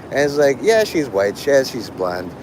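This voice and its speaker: A man's voice: mid-range voice, sing-song, unhurried, background noise. A man streaming live and talking with his chat in a provocative, profane, rambling way. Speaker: livestreamer. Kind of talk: casual livestream chat with viewers.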